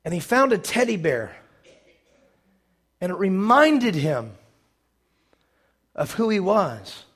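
A man preaching a sermon with a high voice, retelling a movie scene by scene. He acts out the action as he goes and breaks into sudden loud bursts. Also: big pitch swings, takes it slowly, long pauses.

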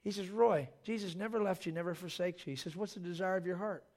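A middle-aged man preaching a sermon, telling stories and acting out quoted voices in an animated, jokey way. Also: sits high, fast talker. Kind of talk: sermon with storytelling.

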